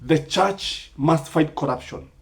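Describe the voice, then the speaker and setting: A man's voice: on the high side, slow, creaky. A Kenyan man giving impassioned commentary, firing rhetorical questions and Swahili sayings.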